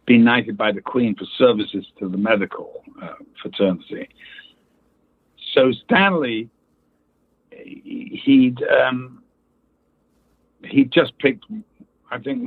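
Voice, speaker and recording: A man's voice: medium pitch, slightly rough. A man, an actor guest, telling anecdotes in an interview and acting out the people in them. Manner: storytelling, acts out quoted people, swears casually. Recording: tinny phone-line audio.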